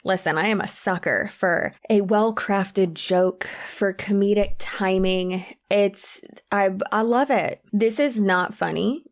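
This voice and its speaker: Blunt, indignant woman commentator. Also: mid-range voice. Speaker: commentary video host. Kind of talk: casual commentary to camera.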